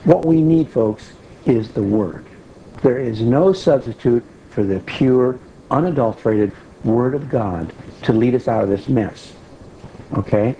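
Middle-aged man, casual sermon to a group, mellow tone, dull lo-fi recording. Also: medium pitch, measured pace, a little hiss or hum. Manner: plain-spoken, repeats phrases for emphasis, asks the audience questions. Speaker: preacher teaching a group. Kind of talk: informal sermon.

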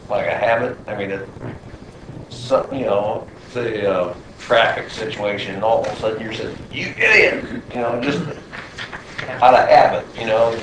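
A man in the audience asking a hesitant, halting question. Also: lowish voice, steady tone, recorded from a distance. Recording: roomy, off-mic, with clear background noise.

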